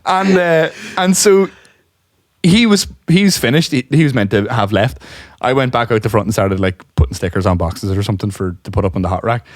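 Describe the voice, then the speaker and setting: A young man co-hosting a podcast, telling a story in casual chat, animated and laughing often. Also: mid-range voice, a little fast, no room sound, studio quality. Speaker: podcast co-host.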